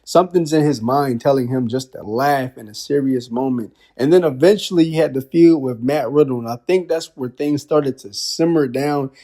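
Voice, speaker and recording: A man's voice: mid-range voice, moderate pace, hardly any pauses, dark tone. A man in a mid-range voice rants in casual commentary. He sounds incredulous and fires off one rhetorical question after another. His delivery is loose and packed with slang. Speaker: wrestling commentary vlogger.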